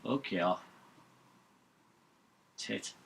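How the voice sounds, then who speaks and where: Blunt, swearing football fan. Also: male voice, drawn-out words, a bit bright. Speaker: fan channel host. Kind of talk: live match watch-along commentary.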